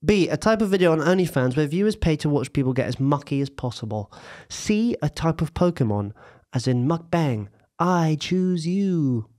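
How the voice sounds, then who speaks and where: A man's voice: fairly high pitch, lively intonation, a little fast, darkish tone. A young man hosting a podcast, teasing his mother as he runs a quiz. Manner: teasing, playful quiz-master. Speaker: podcast host. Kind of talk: casual chat.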